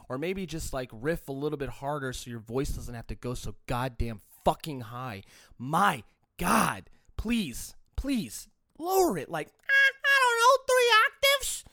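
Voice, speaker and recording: A man's voice: mid-range voice, fairly bright tone, no room sound, clean studio sound. A man hosting a solo podcast, talking in a profane, rambling rant with frequent restarts. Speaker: podcast host.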